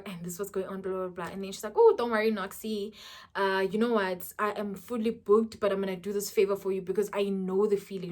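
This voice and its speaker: A young South African woman telling a lively storytime vlog, mixing in local words. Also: medium pitch. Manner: animated storytelling, mixing in Zulu words, with laughs. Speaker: YouTuber.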